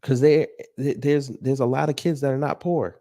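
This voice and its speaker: A man's voice: mid-range voice, steady tone, normal speed, mellow. A man doing casual reaction commentary, talking back at a clip with sarcastic, mocking remarks.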